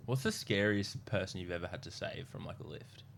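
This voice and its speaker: Joking, swearing podcast host. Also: male voice, sits low, expressive, fairly quick, vocal fry, slight background noise. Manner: swearing, joking, tells anecdotes. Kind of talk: casual chat.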